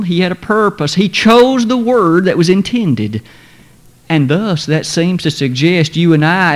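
A man preaching a sermon, speaking in a measured, formal way and slowing down to stress quoted scripture. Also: fairly high pitch. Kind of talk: sermon lesson.

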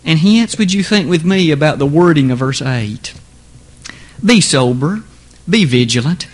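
A man's voice: a little high, animated, a little slow. A man preaching an earnest, emphatic sermon in a church, building to exclamations on key words.

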